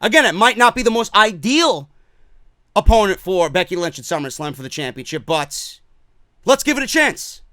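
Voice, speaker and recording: A man's voice: high voice, big pitch swings, moderate pace, bright, forceful tone, no echo, clean studio sound. A man ranting his way through a wrestling show review, profane and sarcastic.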